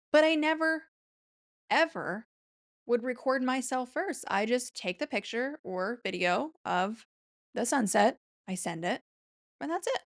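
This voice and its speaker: A woman hosting a casual commentary video, chatting in an exasperated way with bursts of mock-dramatic emphasis. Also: on the high side. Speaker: commentary host.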